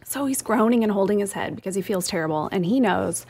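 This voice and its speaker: A woman's voice: medium pitch, lively intonation, fast, a little mellow, husky. A woman co-hosting a radio show, upbeat, explaining tips step by step. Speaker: co-host. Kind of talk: casual radio show chat.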